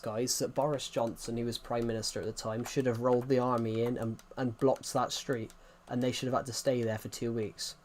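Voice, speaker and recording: A man's voice: mid-range voice, a little hiss or hum. A British man streaming live, chatting casually in an opinionated, rambling way with many restarts. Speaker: livestreamer. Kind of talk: casual livestream chat.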